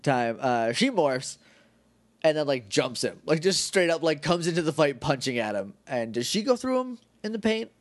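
Bright-voiced man in a dry podcast recap. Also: a little high, big pitch swings, moderate pace, no room sound. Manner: joking, rambling recaps. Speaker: podcast co-host. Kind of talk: casual chat.

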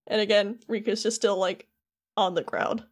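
A woman's voice: medium pitch, steady tone, moderate pace. A woman co-hosting a casual podcast, retelling a game's story scene by scene and quoting the characters in her own voice. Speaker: podcast co-host.

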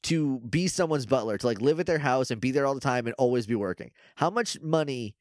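A man co-hosts a casual podcast, recapping an episode and slipping into the characters' lines as he goes. His voice sits at an ordinary pitch and sounds dry and close to the mic. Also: a little fast, dry recording. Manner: animated, acts out characters' lines while retelling. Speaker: podcast co-host. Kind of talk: casual chat recapping a show.

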